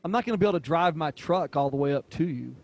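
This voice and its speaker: A man's voice: fairly high pitch, animated, racing. A man co-hosting a podcast in casual chat, teasing his partner and laughing often. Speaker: podcast co-host.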